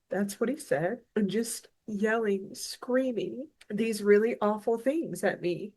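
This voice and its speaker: A woman's voice: medium pitch, slow, hardly any pauses, a little mellow, husky. A woman in her thirties telling a painful personal story as a podcast host, reflective and emotional, at times tearful. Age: 30s. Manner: reflective, emotional, repeats phrases.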